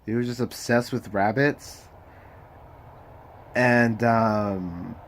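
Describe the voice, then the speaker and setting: A man's voice: lowish voice, fairly even intonation, extremely slow, slight background noise. Rambling, foul-mouthed young man. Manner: rambling, profane, loses his train of thought. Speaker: vlogger. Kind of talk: casual rambling monologue.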